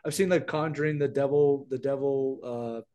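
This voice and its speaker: A man's voice: mid-range voice, steady tone, normal speed, warm tone, smooth. A middle-aged man co-hosting a podcast, chatting casually and rambling with many restarts. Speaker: podcast co-host. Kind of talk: casual chat.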